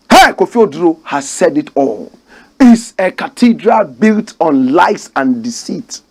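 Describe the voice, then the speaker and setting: A Ghanaian man hosting a commentary show, preaching his views with rhetorical questions and repeated phrases. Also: high voice. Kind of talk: impassioned commentary monologue.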